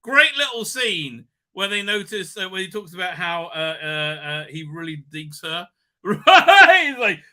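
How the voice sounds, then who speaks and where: A man's voice: high-pitched, very animated, unhurried, pushed and bright. A man hosting a casual live recap stream, rambling with lots of fillers and cheerful swearing.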